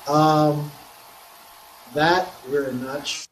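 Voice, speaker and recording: Higher-voiced man in a roomy space. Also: fairly even intonation, very slow. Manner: careful, hedging answers with fillers. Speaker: game company representative. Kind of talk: casual Q&A answers. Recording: roomy sound with faint background hiss.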